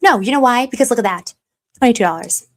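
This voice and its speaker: A young adult woman hosting a livestream in casual, chatty talk, animated as she answers viewer comments. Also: on the high side, quick pace. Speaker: livestream host. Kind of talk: casual chat.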